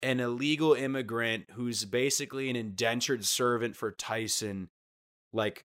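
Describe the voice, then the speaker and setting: A man's voice: medium pitch, normal speed, fairly bright tone. A young man in casual podcast chat, rambling and profane, acting out comic bits.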